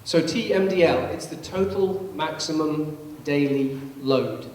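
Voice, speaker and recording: A man's voice: on the high side, a little mellow. Man lecturing in a reverberant hall. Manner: explanatory, dry humor, measured. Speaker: guest presenter, scientist. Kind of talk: public lecture. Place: large public meeting hall. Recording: echoey hall from far off, faint hum.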